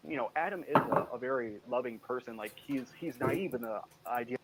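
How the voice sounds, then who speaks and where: A man's voice: mid-range voice, fairly quick, very noisy. A man telling stories in a casual interview, rambling with many "you know" fillers and acting out what others said, from Michigan. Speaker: guest.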